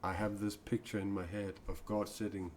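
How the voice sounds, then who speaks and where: Low-voiced male spiritual speaker, halting and heartfelt, live-stream monologue. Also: level tone, a little mellow, slight background noise. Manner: earnest, confessional, halting. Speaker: self-described mystic and spiritual speaker. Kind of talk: improvised live-stream talk.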